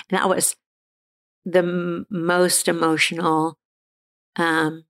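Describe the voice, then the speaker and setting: Middle-aged female guest, gravelly and fairly low, candid and halting with many restarts. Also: level tone. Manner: halting, frequent restarts and fillers, laughs now and then. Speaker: guest sharing her recovery story. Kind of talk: candid personal storytelling.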